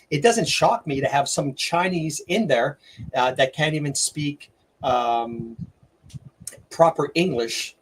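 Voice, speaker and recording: A middle-aged man, hosting a livestream and ranting excitedly, with lots of stumbles and restarts. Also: medium pitch, slight background noise. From Canada. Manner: excitable, rambling rant with many restarts. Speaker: livestream host. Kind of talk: opinionated livestream commentary.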